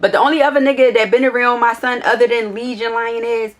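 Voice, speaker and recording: A young woman, casually telling a storytime to her viewers at home, profane and animated, addressing them directly. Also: on the high side, fast. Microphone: iPad camera.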